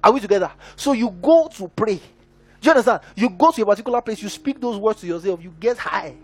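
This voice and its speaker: A man's voice: sits high, animated, fast, husky. A man preaching a sermon as a minister, emphatic and constantly checking in with his listeners. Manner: emphatic, keeps checking in with the congregation.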